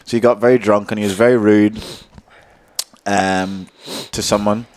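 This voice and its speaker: Laid-back young man, lowish voice. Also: fairly even intonation, moderate pace, darkish tone. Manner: laid-back storyteller, laughs often while telling. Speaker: podcast co-host. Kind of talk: casual chat.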